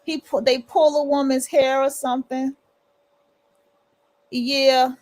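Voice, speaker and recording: A woman's voice: high-pitched, flat delivery, takes it slowly, a little mellow. A woman hosting a livestream, talking casually and rambling with restarts and blunt, profane asides. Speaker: livestream host.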